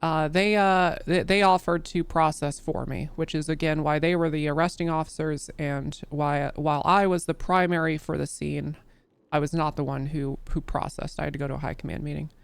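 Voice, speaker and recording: A woman's voice: sits low, steady tone, moderate pace, gravelly, smooth, dry recording. A woman testifying in character as an undersheriff during a role-play court case, telling her account in a loose, rambling way full of restarts and fillers.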